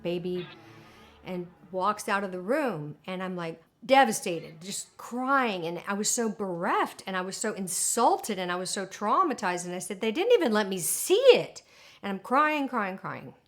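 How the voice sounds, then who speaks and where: A woman's voice: medium pitch, animated, unhurried, a bit bright. A woman interviewed for a documentary, telling a vivid, emotional story with hesitations. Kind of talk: documentary interview recounting an experience.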